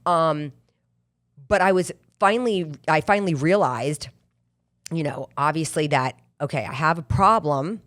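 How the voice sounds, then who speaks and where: A middle-aged woman hosting a podcast, talking candidly and emphatically in a motivational monologue, repeating phrases for emphasis and mocking her own excuses in quick quoted asides. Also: low voice. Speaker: podcast host.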